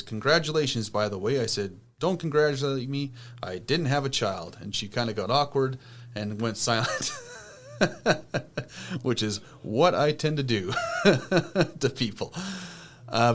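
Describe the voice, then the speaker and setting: Man telling a personal story. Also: mid-range voice. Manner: animated, acts out quoted people. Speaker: podcast host.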